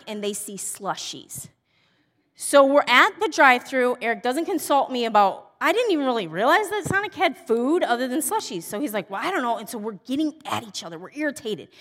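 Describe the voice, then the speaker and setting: A woman telling a funny personal story in a casual, exasperated, animated way. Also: high voice. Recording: long hall reverb.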